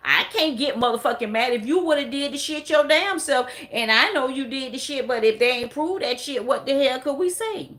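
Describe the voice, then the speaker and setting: A woman's voice: high-pitched, animated, normal speed, hardly any pauses, a bit bright. A woman hosting a casual livestream, ranting bluntly and with lots of swearing as she talks straight to her viewers. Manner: blunt, profane, emphatic ranting. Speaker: livestream commentator.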